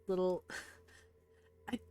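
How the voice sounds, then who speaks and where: A woman running a tabletop game, narrating at a slow, unhurried pace. Her voice sits mid-range and sounds close and dry, with no room around it. She pauses often and fills the gaps with small ums. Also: no room sound. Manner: relaxed, slow and halting with fillers. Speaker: game master.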